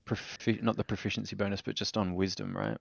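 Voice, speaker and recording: Low gravelly male player, wry delivery. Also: very animated, fast talker, no echo, muffled recording. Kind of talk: casual tabletop game chat.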